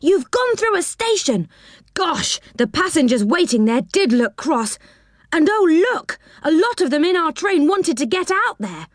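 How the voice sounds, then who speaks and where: A woman voicing an excited young boy in a storybook reading, calling out urgently. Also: unhurried, no echo, clean studio sound, full character voice. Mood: worried. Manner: shrill, urgent calls.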